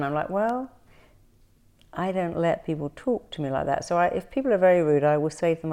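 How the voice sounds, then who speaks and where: A woman's voice: fairly low pitch, brisk. A woman therapist chatting in an interview, telling stories animatedly and acting out what people said. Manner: animated storytelling, acts out quoted voices. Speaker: therapist guest. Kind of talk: casual interview chat.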